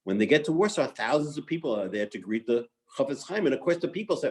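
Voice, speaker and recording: A man's voice: medium pitch, very animated, fast talker, hardly any pauses, darkish tone. A man teaching a lesson on Talmud stories in a conversational way, with filler words and restarts.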